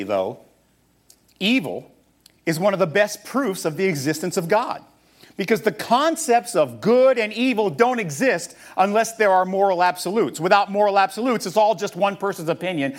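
A man with a fairly high voice delivers a sermon. He teaches in a steady preaching style, posing rhetorical questions and reading passages aloud. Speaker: pastor.

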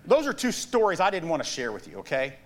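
A middle-aged man pastor preaching a sermon, telling stories with animated asides and laughs. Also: on the high side, fast.

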